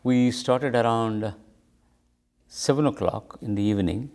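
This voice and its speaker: Brief: male interview guest, reflective storyteller, middle pitch, repeats key phrases. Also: a little slow, darkish tone. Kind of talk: casual interview anecdote.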